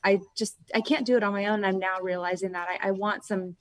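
A woman's voice: mid-range voice, fairly even intonation, quick pace, no room sound. Woman co-host; reflective and candid, dry close sound. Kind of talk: casual chat.

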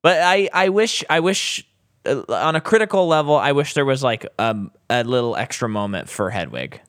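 A man's voice: medium pitch, sing-song, normal speed, a bit bright, no echo, studio quality. A man co-hosting a podcast, chatting casually and jokingly about a movie. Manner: joking, playful interjections. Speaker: podcast co-host.

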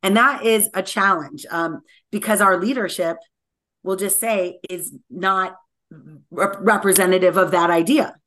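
A woman with a medium-pitched voice speaks at a measured pace as a technologist guest on a conversational podcast. She's energetic and talkative, sprinkling in lots of "like" fillers.

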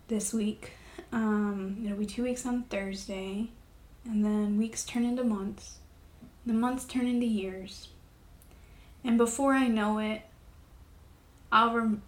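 A young woman talking on her own podcast in a personal, confessional way, emotional and halting, with many pauses and fillers. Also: fairly high pitch. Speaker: podcast host. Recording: echoey room.

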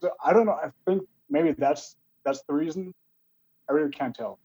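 A man's voice: fairly high pitch, moderate pace, mellow, husky, rough recording. A man from Germany chatting hesitantly and with self-mockery on a video call. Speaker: guest. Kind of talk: casual video call chat.

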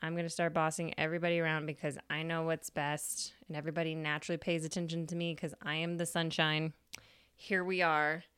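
A woman's voice: sits low, flat delivery, brisk, fairly bright tone, clean tone, dry recording, clean studio sound. A woman voicing Leo as a bossy figure who declares herself in charge, in a casual storytelling style. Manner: bossy, commanding. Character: bossy sunny Leo, self-declared boss.

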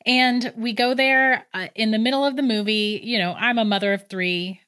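A woman, probably in her thirties and a mother of three, chattily telling a true ghost story with quick laughs. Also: on the high side, clear, resonant tone. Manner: chatty, animated, laughs between lines. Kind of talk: casual spoken ghost story.

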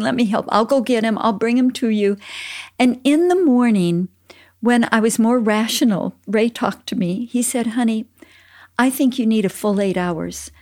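An older woman co-hosting a Christian parenting talk, telling family stories in a gentle, earnest way. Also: a little high. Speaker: podcast co-host, mother.

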